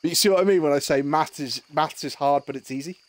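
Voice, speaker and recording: Chatty man, animated and sweary. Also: fairly high pitch, fast talker, slight background noise. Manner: animated, swearing, puts on voices in stories. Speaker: streamer. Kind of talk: casual chat.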